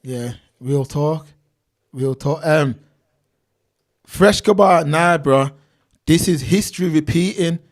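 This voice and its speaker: Stream host, man, slightly high voice, reads chat aloud in loose slang. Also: slow, pauses often. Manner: reads out viewer names and comments, street slang. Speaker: livestream host reading chat. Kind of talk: casual livestream chat.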